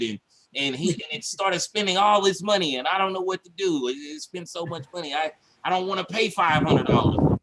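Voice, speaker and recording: A man coaching his viewers in a casual livestream, emphatic and repetitive, acting out his own panic with shouts and laughs. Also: high voice, a little fast. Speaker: online business coach.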